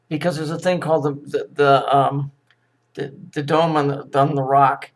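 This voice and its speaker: Sarcasm and profanity run through this man's crude rant as he mocks news clips. For a man his voice sits a little high, with little pitch movement and a moderate pace.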